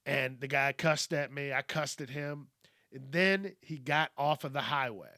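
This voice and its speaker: Bright, animated man telling a story. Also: medium pitch, a little slow, no echo, clean studio sound. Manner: animated, profane and wry. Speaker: podcast host. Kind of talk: casual storytelling monologue.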